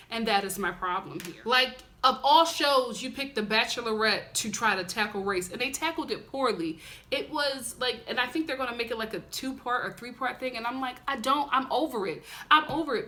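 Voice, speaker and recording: A young woman from Philadelphia gives an animated TV recap on her vlog. She has a bright, fairly high voice. She talks straight to her viewers with plenty of emphasis. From Philadelphia, USA. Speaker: TV recap vlogger. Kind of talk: casual review vlog.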